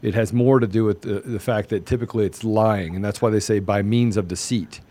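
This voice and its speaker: A man hosting a talk show, explaining things step by step and rushing through quoted legal wording. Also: on the low side, steady tone, warm tone. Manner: explanatory, reads legal text in a quick rush. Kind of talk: casual chat.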